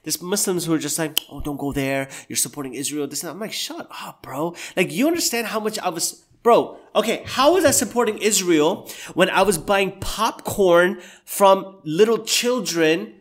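American male guest, slightly high pitch, animated storyteller, heavy use of "bro". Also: moderate pace, few pauses. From United States. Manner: says "bro" constantly. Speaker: podcast guest. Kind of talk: casual podcast conversation.

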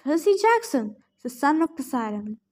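Calm scheming young man, formal and smooth, high voice, read by a woman in a storybook. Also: normal speed. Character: cool scheming young male villain leader.

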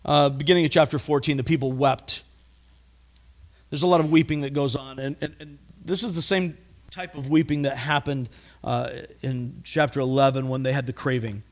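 A man preaching a sermon, animated and acting out voices, often stumbling and repeating words. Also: medium pitch, normal speed. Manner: animated, acts out voices in quotes. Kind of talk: expository sermon.

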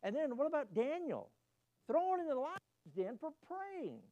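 A high-pitched man preaches a sermon. He tells homely stories in a folksy way and climbs to emphatic peaks when he presses a point. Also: big pitch swings, measured pace, dark tone, lo-fi sound.

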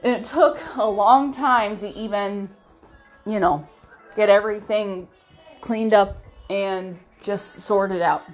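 A woman's voice: mid-range voice, slow pace, roomy sound, soft background music. A woman telling a personal story in an earnest, emotional way, often stopping and restarting her sentences. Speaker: vlogger.

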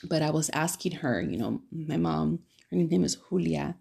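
Gravelly, low-voiced woman podcaster. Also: moderate pace, warm tone. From California. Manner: loving, rambling, with many fillers and restarts. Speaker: podcast host. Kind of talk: casual solo podcast monologue.

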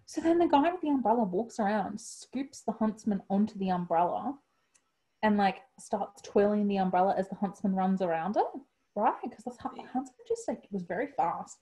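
A woman's voice: medium pitch, moderate pace. A woman with an Australian accent telling a story in a casual chat, laughing often and acting out what people said. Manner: animated, laughs often, acts out quotes.

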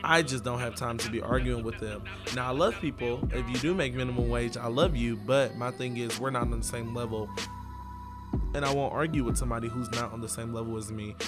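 Over background music, a young man with a mid-range voice and fairly even intonation speaks briskly to his viewers. In this casual vlog he meanders and rambles, filling his talk with lots of "like" and "um."

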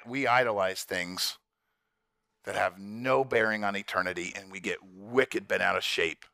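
A man preaching a sermon in a conversational, animated way, often putting rhetorical questions to his congregation. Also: medium pitch, vocal fry, no echo, clean studio sound. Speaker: pastor.

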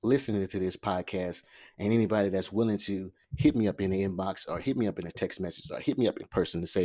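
Solo podcast host, male, slightly low voice, fast and loose, slang and fillers throughout. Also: dark tone. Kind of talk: casual solo podcast monologue. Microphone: podcast microphone.

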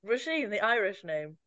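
A woman's voice: medium pitch, very animated, slow, crowd noise. A woman co-hosting a podcast in casual chat, with dry wit and frequent laughs. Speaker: podcast co-host. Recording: dull, very dry sound.

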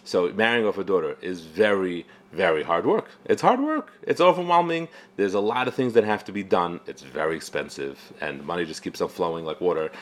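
A middle-aged man, a rabbi, giving an informal weekly Torah talk in a conversational way, often halting and restarting his sentences. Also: deep voice, animated, a bit bright.

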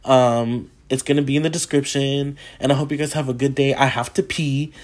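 A man vlogging a casual story time, swearing freely and excitable, acting out what people said with gasps and laughs. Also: mid-range voice, brisk. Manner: acts out quotes with gasps and laughter.

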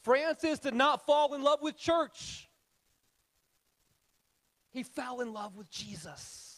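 A man with a notably high voice preaches a sermon. He leans hard on key phrases, repeats them, then sinks to a near-whisper. He keeps turning to his listeners with direct questions. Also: expressive, slow pace. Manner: emphatic, repeats key phrases, drops to soft hush; addresses the audience directly with questions. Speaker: pastor.

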